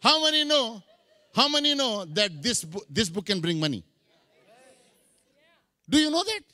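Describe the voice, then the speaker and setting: A man's voice: high-pitched, very animated, unhurried, bright, forceful tone, dry recording. A middle-aged man preaching a sermon, mixing English with Hindi phrases. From India. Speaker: pastor.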